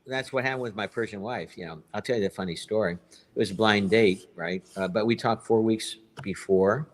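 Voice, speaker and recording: A man's voice: lowish voice, fairly quick. A man in his fifties telling a long personal story on a live stream, rambling and circling back to repeat himself.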